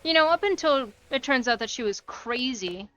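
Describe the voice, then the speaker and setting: A young woman streaming a video game, reading its text aloud and reacting with quick outbursts and swearing. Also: high voice, lively intonation, a bit bright, smooth, highs cut off. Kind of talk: casual game stream commentary. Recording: faint game music behind.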